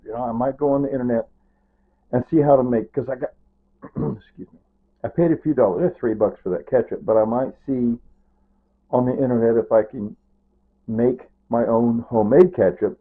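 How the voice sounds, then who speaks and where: Rambling older man, tinny phone-quality sound. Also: medium pitch. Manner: rambling, repetitive, grieving and near tears. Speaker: vlogger. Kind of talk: rambling casual monologue.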